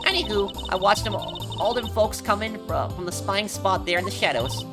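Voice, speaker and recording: A woman voicing a brash, folksy young woman photographer with a put-on Southern drawl, pitched above her own voice. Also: normal speed, loud music behind the voice, natural voice. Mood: defensive. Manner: chatty, folksy, higher than her own voice. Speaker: game voice-over player.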